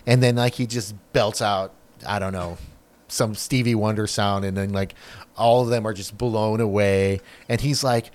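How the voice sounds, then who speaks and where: A man's voice: on the low side, moderate pace. Frank, rambling middle-aged man. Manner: rambling, filler-heavy, frank. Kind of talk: casual chat.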